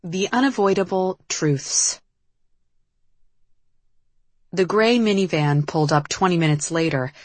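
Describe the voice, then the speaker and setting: A woman narrating a novel as an audiobook, in a steady storytelling manner. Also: fairly low pitch, no echo. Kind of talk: scripted narration.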